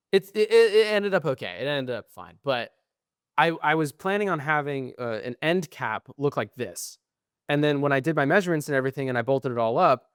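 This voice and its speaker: A young man on a podcast sounds worn out and short on sleep. He tells meandering stories full of swearing, and his voice often sinks low at the end of a thought. The tone is smooth and clear, recorded close and dry. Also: dry recording. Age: young adult. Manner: rambling, profane storytelling, trailing off quietly. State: tired. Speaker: podcast co-host. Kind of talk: casual chat.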